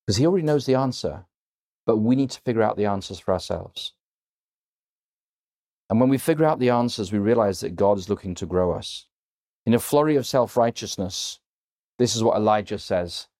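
A man's voice: on the low side, lively intonation, fairly quick, long pauses, darkish tone. A man preaching a sermon, earnest and emphatic, stressing words differently as he retells scripture. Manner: earnest, emphatic, varies emphasis when quoting.

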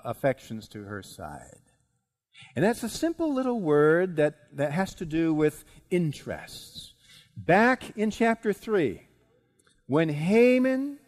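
A man preaching a sermon as dramatic storytelling, swinging between loud and hushed. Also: fairly high pitch.

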